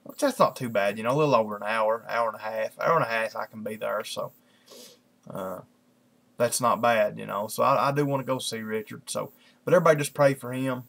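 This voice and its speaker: A man's voice: lowish voice, fairly even intonation, a little fast, vocal fry, a bit bright. A man, a lay preacher talking casually into his computer mic before reading scripture, rambling with many fillers. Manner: rambling, many fillers like "you know" and "kinda". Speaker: lay preacher hosting an online Bible study.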